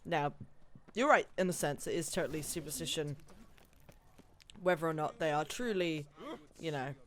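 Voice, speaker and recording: Casually commenting on her gameplay, this streamer chats and rambles, cursing and laughing whenever things go wrong. Her voice sits low and moves at a normal speed.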